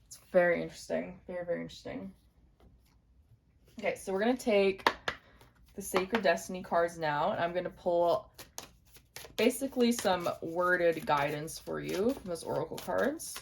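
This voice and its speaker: A young woman giving an intuitive tarot reading to camera, speaking gently and repeating her points straight to the viewer. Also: fairly low pitch, normal speed, gravelly, long pauses, background noise. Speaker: tarot reader.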